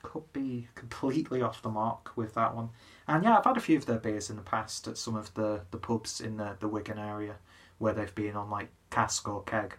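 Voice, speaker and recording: A young man from northwest England reviews a beer in a casual vlog, a little tipsy after a trip to the pub. His voice sits fairly low and moves at a moderate pace as he rambles along, poking fun at himself.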